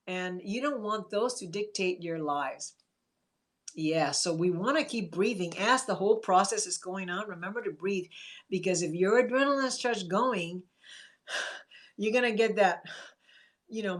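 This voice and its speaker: A woman therapist giving advice in a chatty live stream, greeting viewers by name and acting out calm sample replies. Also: medium pitch.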